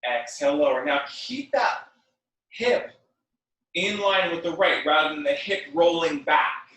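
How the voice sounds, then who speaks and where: A man guides a workout class at a slow, unhurried pace, his voice bright and somewhat high. He calls out calm breathing cues and slips in chatty, joking asides. The sound is very echoey, picked up by a mic some distance away in the room. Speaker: fitness and yoga instructor.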